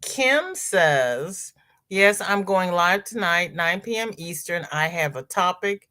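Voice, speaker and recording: Slow-talking chatty woman host. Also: lowish voice, animated, pushed and bright. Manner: chatty, exclaims and laughs while reading comments. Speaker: host reading live chat. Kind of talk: casual livestream chat. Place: home.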